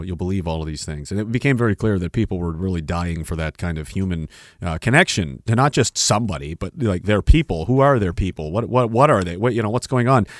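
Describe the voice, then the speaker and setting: A man's voice: sits low, no echo, studio quality. A man hosting a livestream at home, chatting loosely, swearing often and breaking off mid-sentence as he reads the chat. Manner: rambling, swearing, self-interrupting. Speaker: livestream host reading chat. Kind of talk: casual rambling livestream talk.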